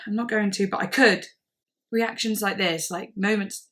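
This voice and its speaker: A woman's voice: fairly high pitch, moderate pace, a bit bright. A woman doing casual, effusive music reaction commentary, chatty and swearing freely.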